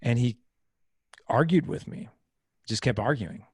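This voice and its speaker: A man's voice: mid-range voice, lively intonation, a little slow, a little mellow, breathy edge, no room sound, clean studio sound. A man in his thirties, a podcast guest, telling a parenting story in an earnest, casual way and acting out the quoted lines. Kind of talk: casual interview talk.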